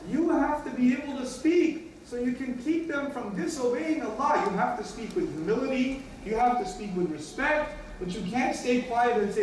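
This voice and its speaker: Echoey, high-voiced man preaching a sermon. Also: animated, moderate pace, few pauses, slight background noise. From United States. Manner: emphatic, repeats key phrases, acts out quoted dialogue. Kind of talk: Friday sermon. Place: mosque prayer hall. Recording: echoey hall, mic from a distance.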